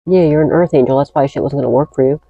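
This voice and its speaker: A woman's voice: rumbling low, racing, gravelly, warm tone, dry recording, highs cut off. A woman giving a casual tarot reading, blunt and profane, rambling through restarts as she talks to her viewers. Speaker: tarot reader.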